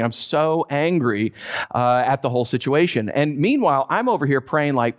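A man's voice: medium pitch, normal speed. A man preaching a sermon as a pastor, telling stories and acting out his own frustrated voice. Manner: animated storytelling, acts out his own frustrated voice.

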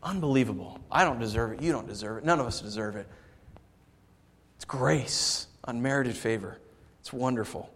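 A man preaching a sermon as pastor, shifting into lively storytelling and asking his congregation for responses. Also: mid-range voice, moderate pace. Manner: conversational preaching with lively storytelling and audience asides. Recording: long reverb of a large hall.

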